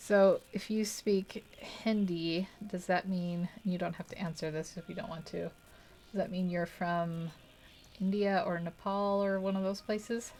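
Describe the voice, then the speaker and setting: A woman's voice: lowish voice, steady tone, unhurried, darkish tone, a little hiss or hum. A young woman hosting a live art stream, chatting casually and rambling while she paints, laughing often and poking fun at herself. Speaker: art livestream host.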